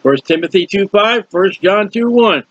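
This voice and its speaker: A man preaching a verse-by-verse Bible teaching, animated and questioning his listeners. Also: high-pitched, unhurried, slightly rough, dry recording. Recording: dull lo-fi dry recording.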